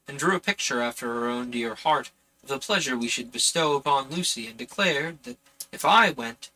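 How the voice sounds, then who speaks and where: A man reads an old novel aloud for a live stream audience, earnest in the text and breezy in his self-deprecating asides. His voice is very bright and edgy, at a mid pitch for a man. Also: rough recording. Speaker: audiobook reader and streamer.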